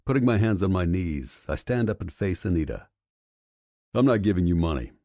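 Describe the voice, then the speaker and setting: Male audiobook narrator, very deep voice with a lively, animated delivery. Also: normal speed, no echo, studio quality. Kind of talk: first-person audiobook narration.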